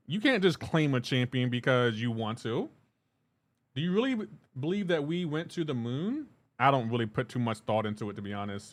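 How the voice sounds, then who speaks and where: Male game streamer, casual live chat, answers chat aloud, teasing jokes, fairly high voice, pitch bouncing all over. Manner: joking, teasing.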